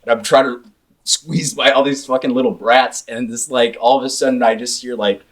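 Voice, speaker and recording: A man's voice: medium pitch, steady tone, moderate pace. A young man co-hosting a casual podcast, telling stories loosely and swearing a lot. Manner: loose, profane storytelling with lots of swearing. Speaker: podcast co-host. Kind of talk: casual chat.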